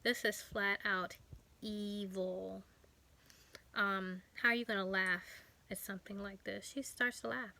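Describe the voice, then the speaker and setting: A woman vlogger giving a personal testimony, talking earnestly with frequent pauses and fillers. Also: medium pitch, steady tone, creaky, bright, forceful tone, a little hiss or hum. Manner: halting, earnest, many fillers.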